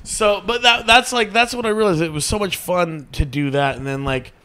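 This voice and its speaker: A man's voice: high voice, normal speed, clean tone. Swearing man telling rambling stories. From small rural American town. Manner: rambling, heavy swearing, lively acted-out quotes. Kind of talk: casual profane storytelling.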